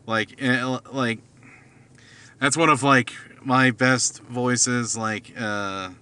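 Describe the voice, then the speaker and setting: A man's voice: mid-range voice, fairly even intonation, takes it slowly, bright, forceful tone, clear, resonant tone. A man rambling casually from his car at night, hesitant, with many fillers and restarts. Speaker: vlogger.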